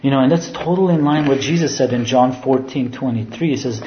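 A man's voice: medium pitch, a little fast, a little hiss or hum. A man preaching a sermon who explains scripture and keeps restating his phrases. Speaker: pastor. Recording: roomy, dull sound.

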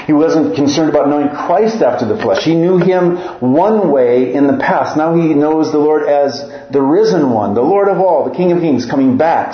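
A man's voice: a little high, reverberant, dull audio, a little hiss or hum. A man from northern Minnesota with a slight Upper Midwest American accent, preaching a sermon as pastor and reading scripture aloud with earnest emphasis.

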